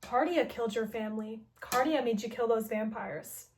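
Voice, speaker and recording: A woman's voice: a little high, moderate pace, darkish tone, slight background noise, close to an everyday voice. Woman paraphrasing a taunting villain. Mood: mocking. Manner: casual paraphrase full of "like". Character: taunting male mad-scientist villain.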